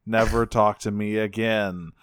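A man voicing a robot that coldly imitates a friend in a flat monotone. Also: lowish voice, unhurried, clear, resonant tone, no room sound, natural voice.

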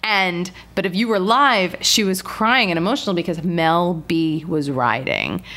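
A woman in her thirties talking casually as a podcast co-host. Her voice has a bright, forward tone, and she rambles easily, filling her sentences with "like" and "you know.". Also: fairly low pitch, expressive, unhurried. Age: 30s. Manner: chatty, lots of fillers and laughs.

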